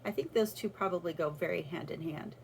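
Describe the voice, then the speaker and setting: A woman's voice: fairly low pitch, a little fast, gravelly, a little hiss or hum, low-quality recording. A woman talking through a personal faith reflection in a casual, earnest way, with restarts as she thinks aloud. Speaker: vlogger sharing a faith reflection.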